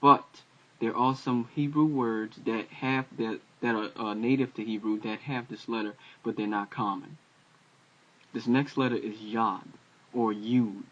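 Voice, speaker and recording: A man giving an informal home-made alphabet lesson, talking haltingly with many fillers and self-corrections. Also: fairly low pitch, fairly even intonation, fairly bright tone. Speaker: language teacher. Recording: dull lo-fi home video audio.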